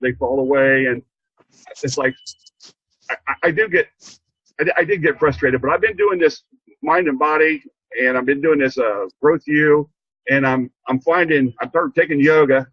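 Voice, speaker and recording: An older man sharing a heartfelt story on a video call, earnest and halting, repeating himself as he gets choked up. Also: a little high, breathy edge, no echo, highs cut off. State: emotional, choked up. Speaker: program participant sharing a story. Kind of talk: heartfelt rambling testimony.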